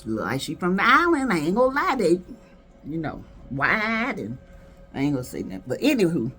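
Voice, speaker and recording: A woman's voice: lowish voice, wildly swooping pitch, normal speed, fairly bright tone, soft background music. A woman from South Carolina giving sassy, gossipy commentary, reviewing skits with dramatic asides. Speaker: video reviewer. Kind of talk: casual commentary.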